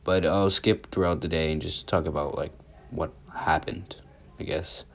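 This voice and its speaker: A man with a cold and a sore throat talks through a story in a loose, rambling way. His voice sits very low, and he fills his sentences with casual fillers. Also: steady tone, normal speed. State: sick, sore throat, sniffling. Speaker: youtuber. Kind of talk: storytime vlog.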